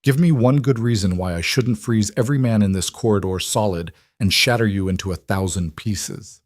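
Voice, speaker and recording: A man voicing a ruthless king with ice powers who speaks quietly and commandingly. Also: on the low side, moderate pace, no echo, studio quality, natural voice. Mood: menacing.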